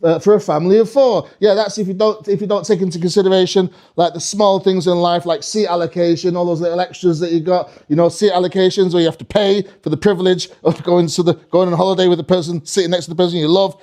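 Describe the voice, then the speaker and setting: A man from the UK performing a live stand-up comedy set, animated and swearing, with a stage mic in a comedy club. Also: sits high, fast, hardly any pauses. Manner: animated, swearing, slips into mock French voices.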